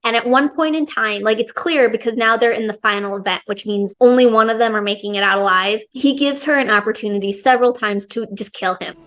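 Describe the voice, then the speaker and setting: A woman's voice: a little high, a little fast, few pauses, a bit bright. A young woman giving a casual, enthusiastic book review, chatty and full of fillers.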